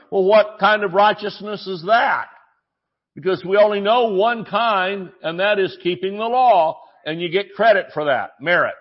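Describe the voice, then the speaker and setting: A man's voice: high voice, unhurried, lo-fi sound. Conversational, joking male preacher. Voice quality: conversational, joking, many restarts. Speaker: pastor. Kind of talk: sermon.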